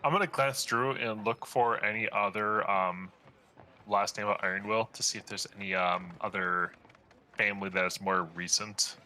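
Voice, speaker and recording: Man, tabletop player, hesitant, many ums, deeper voice, faint background hiss. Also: steady tone, normal speed, sharp tone. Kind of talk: tabletop game chat.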